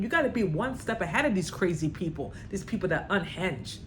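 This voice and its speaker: A deep-voiced woman reads a book aloud in a dramatic way and stops now and then for emphatic comments of her own. Her voice often jumps high when she stresses a point. There is a faint hiss under the recording. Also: animated, fairly quick, few pauses. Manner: emphatic, with sudden high outbursts. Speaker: vlogger reading a book aloud.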